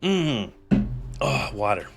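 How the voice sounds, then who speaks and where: A man's voice: on the low side, wildly swooping pitch, slow pace, over music. A man streaming a game and commenting casually, rambling, laughing often and swearing.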